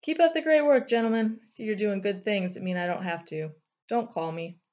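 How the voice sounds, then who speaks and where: A woman's voice: on the high side, lively intonation, normal speed, mellow, muffled recording, voice pushed up, natural voice. A woman voicing an arrogant, sarcastic male elemental king who speaks in a curt, contemptuous, mocking way. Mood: scornful.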